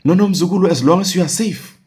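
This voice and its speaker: A man's voice: on the high side, expressive, measured pace, husky, voice pushed up. Man doing a raised-voice older uncle, stern but caring, insistent. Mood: reassuring. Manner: urgent, insistent repetition.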